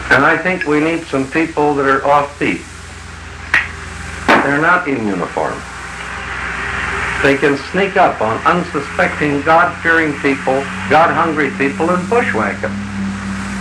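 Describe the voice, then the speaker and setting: A man's voice: a little high, reverberant, noisy background. A man working as a business consultant tells blunt, folksy stories to a group in an archival 1950s recording. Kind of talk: anecdotal talk to a group.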